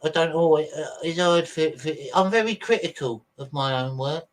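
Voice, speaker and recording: A man's voice: a little high, lively intonation, normal speed. A man hosting a casual livestream, rambling chattily to his viewers and swearing freely while he sorts out videos on his computer. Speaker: livestream host.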